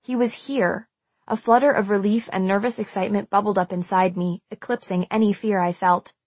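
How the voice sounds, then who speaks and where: A woman's voice: mid-range voice, steady tone, fairly quick, a little mellow, no echo. Woman narrating a suspenseful audiobook. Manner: tense, suspenseful storytelling. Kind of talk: first-person audiobook narration.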